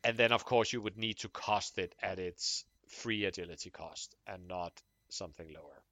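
Sex: man. Role: podcast host. Style: casual chat. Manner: hesitant restarts. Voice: bright, forceful. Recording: dry. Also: deep voice, moderate pace, no room sound. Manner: hesitant, repeats words when starting. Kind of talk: casual gaming discussion.

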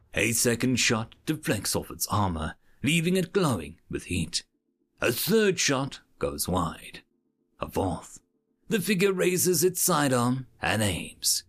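Lively male sci-fi story narrator. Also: medium pitch, gravelly. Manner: lively, expressive reading. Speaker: audiobook narrator and channel host.

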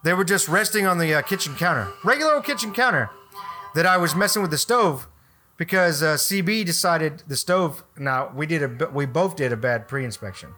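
A man's voice: a little high, brisk, bright, forceful tone, soft background music. A man casually telling a rambling work story on a podcast, swearing freely and restarting his sentences.

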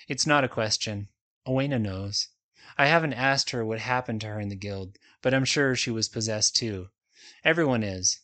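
A man narrating a first-person fantasy novel in a measured, softly dramatic reading. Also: fairly low pitch. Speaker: audiobook narrator.

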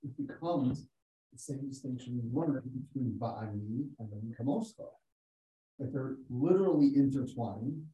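A man in a study class, halting as he thinks aloud about the lesson. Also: medium pitch, expressive, dark tone, rough recording. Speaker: student in class.

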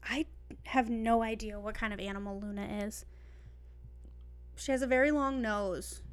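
Young female co-host, clear voice, chatty, giggly. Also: a little high, fairly even intonation, moderate pace. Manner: bubbly, rambling, laughs often. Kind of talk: casual chat.

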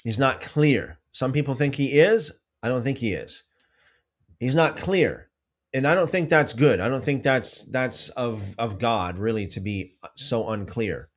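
A man hosting a casual livestream about faith, reading out viewer comments and telling stories with many restarts. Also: a little slow. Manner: rambling, restarts often, lively pitch swings when telling stories.

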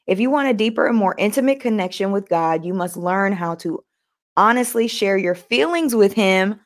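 A woman's voice: medium pitch, lively intonation, moderate pace. A woman hosting a casual motivational talk, chatting folksily with viewers, laughing often and reading aloud from a book between their comments. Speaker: host.

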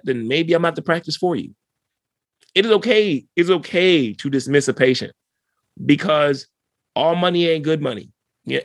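Animated man with a slightly high voice. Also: gravelly, no room sound. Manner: lively, acts out patient dialogue in quoted voices; laid-back, slangy. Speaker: dentist, podcast guest. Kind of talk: casual interview storytelling.

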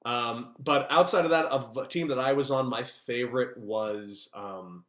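Male podcast guest, former ballplayer, lively storyteller, medium pitch, roomy echo. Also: measured pace. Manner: animated, lively storyteller with big outbursts. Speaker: guest, former baseball player. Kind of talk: casual storytelling. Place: home, remote call.

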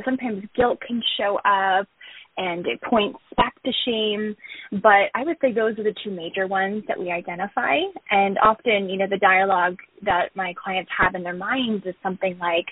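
A woman therapist calmly explaining her work in a podcast interview, often saying "you know". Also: medium pitch, normal speed, husky, no echo. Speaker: therapist guest. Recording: tinny phone-line audio.

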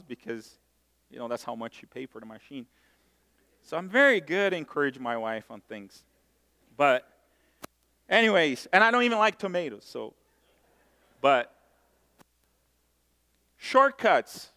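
A middle-aged man from Brazil, preaching a sermon and telling stories in a self-mocking, animated way. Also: fairly high pitch, measured pace, pauses often. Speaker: pastor. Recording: long hall reverb.

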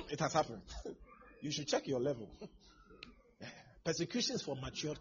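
A man preaching a sermon as pastor, swinging from hushed asides to shouting. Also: fairly high pitch, huge pitch swings, a little slow, pauses often, noisy background. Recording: dull lo-fi sermon recording.

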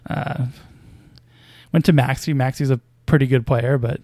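A podcast host comments casually on basketball news in a medium-pitched, steady, darkish voice at a moderate pace, with no echo. His delivery is hesitant and wry, full of fillers and small chuckles.

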